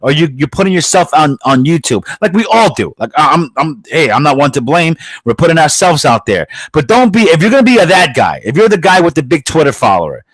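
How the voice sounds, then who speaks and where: A man's voice: on the high side, very animated, brisk, hardly any pauses, breathy edge, no room sound. Profane New man ranting. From New York. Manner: profane, blunt, heated ranting. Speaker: podcast host. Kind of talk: casual podcast rant.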